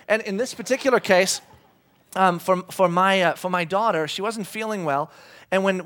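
A man in his thirties preaches in a loose, chatty way, full of fillers and jokes at his own expense. His voice sits a touch higher than most men's. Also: fairly bright tone. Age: 30s. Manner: chatty, self-deprecating storytelling with fillers. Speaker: pastor. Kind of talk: sermon storytelling.

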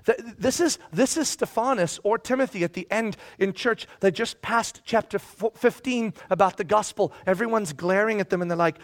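Guy pastor preaching, pretty high voice, lively, acts out bible people, restarts a lot. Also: normal speed, hardly any pauses. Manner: animated, acts out voices of biblical figures; conversational, frequent restarts. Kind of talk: expository sermon.

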